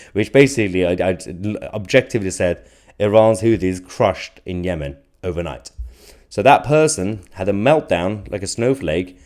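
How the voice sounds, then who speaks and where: Give me a low-pitched man riffing sarcastically through a live chat. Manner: animated, sarcastic, laughs often, restarts. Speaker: host of a live political stream. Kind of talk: live stream commentary reading chat.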